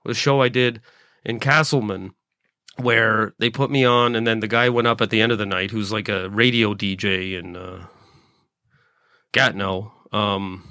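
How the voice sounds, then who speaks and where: A man's voice: fairly low pitch, pushed and bright, no room sound, clean studio sound. Rambling, self-deprecating man in his late forties. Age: 40s. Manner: rambling, self-deprecating, swears often, restarts sentences. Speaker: podcast host, stand-up comedian. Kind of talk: casual solo podcast monologue.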